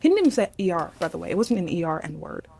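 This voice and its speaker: A woman with a husky voice, telling a story animatedly in casual chat. Her pitch jumps around a lot as she talks. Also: sing-song, quick pace, a little mellow.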